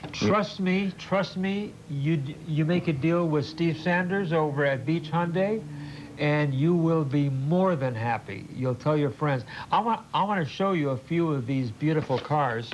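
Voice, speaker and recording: An older male TV host doing an in-studio sales pitch, halting and repeating words, with a jokey folksy manner. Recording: muffled old TV broadcast with faint hiss.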